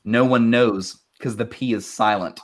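Quick-talking young man hosting a show. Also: medium pitch, fairly even intonation. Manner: laughs often at the jokes, casual swearing. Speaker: show host. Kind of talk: casual show banter, reading listener jokes.

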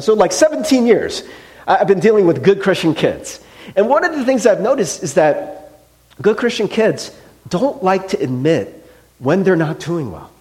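A middle-aged man preaching a casual sermon as a pastor, conversational with frequent fillers and acted-out quotes. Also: a little high. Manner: conversational, animated, many "like" and "right?" fillers, acts out quotes.

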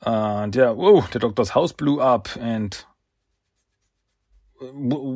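Man with a gravelly, slightly husky voice, halting comic-recap delivery, dry close sound. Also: medium pitch, darkish tone, no echo. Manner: halting, many fillers and restarts, chuckles often. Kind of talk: casual retelling of a comic issue.

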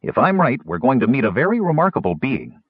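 Man playing an eager know-it-all gnome, lively pitch, husky, muffled. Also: fairly quick, no echo. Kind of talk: audiobook character voice. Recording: slightly muffled recording.

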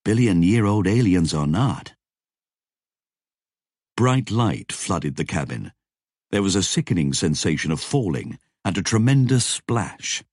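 A man with a husky voice reading a novel aloud as scripted narration, measured and even. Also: low voice, no echo, clean studio sound. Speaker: audiobook narrator.

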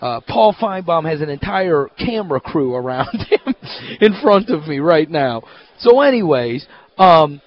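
A man hosting a sports radio show, telling stories in an animated, casual way. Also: on the high side, dull audio. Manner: animated storyteller, excitable. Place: hotel at a media event.

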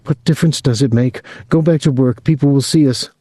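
A curt, blunt house servant woman who talks in a flat, sullen way, put on by a man. Her voice sits higher than the reader's own. The reading sounds close and dry, with no room ring. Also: a little fast, dry recording, close to an everyday voice.

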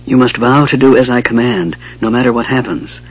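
A man voicing a noble warrior woman who speaks gently but firmly, often in a hushed voice, in a fantasy audiobook. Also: medium pitch, fairly quick, breathy edge, dull audio, natural voice. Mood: resolute.

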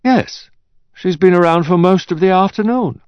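A man voicing a brisk, efficient woman who is anxious to please, pitched well above his own voice. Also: no echo, dull audio, natural voice. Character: brisk efficient woman handling airport transfers.

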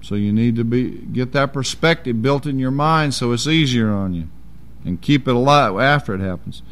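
A man's voice: mid-range voice, normal speed, fairly bright tone. A man preaching a sermon in a folksy, emphatic way.

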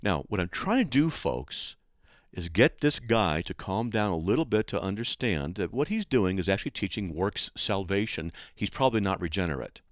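A man's voice: low voice, lively intonation, normal speed, no room sound. A man hosting a call-in radio debate, pressing a caller with repeated questions and cutting in again and again. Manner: insistent, interrupts by repeating the caller's name. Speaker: radio show host.

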